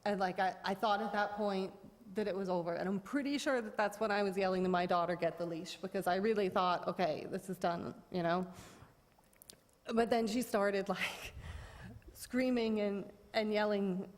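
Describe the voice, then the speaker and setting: A woman's voice: mid-range voice, moderate pace. A woman giving a rambling account at a town board hearing, full of fillers and restarts. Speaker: dog owner at a public hearing. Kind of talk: informal testimony. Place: town board meeting room. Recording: long reverb of a meeting room.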